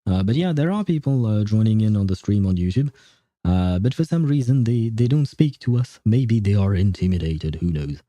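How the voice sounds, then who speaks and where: A man's voice: lowish voice, normal speed, no echo. A man streaming a game, reading its lines aloud and chatting loosely with many fillers. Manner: relaxed, rambling commentary with frequent fillers.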